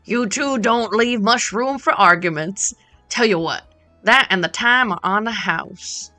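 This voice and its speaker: A woman's voice: mid-range voice, unhurried, bright, forceful tone, no echo, soft background music. A woman voicing a friendly middle-aged male shopkeeper in a game, with an accent that drifts in and out. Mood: generous. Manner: reads game dialogue aloud with a wavering put-on accent.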